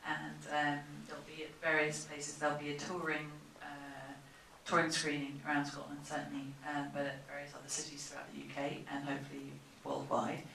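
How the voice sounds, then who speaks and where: A man answering audience questions about his film with many pauses and ums, in a cinema Q&A. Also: fairly high pitch, monotone, gravelly, sharp tone. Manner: hesitant, many ums, pausing restarts. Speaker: film director. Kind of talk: festival Q&A answers. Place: cinema auditorium. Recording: roomy cinema from far off, faint noise.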